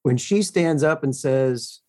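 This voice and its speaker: A man's voice: mid-range voice, slow pace, dark tone. A middle-aged man, a country singer guest, telling stories in a casual self-mocking way. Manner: chatty storyteller, self-mocking, frequent restarts. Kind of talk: casual interview chat.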